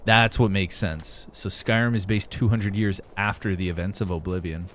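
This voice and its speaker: Lowish-voiced chatty male streamer. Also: fairly even intonation, moderate pace, a bit bright, a little hiss or hum. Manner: loose, chatty, swears casually and laughs often. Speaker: gaming streamer. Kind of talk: live-stream gameplay chat, reading viewer messages.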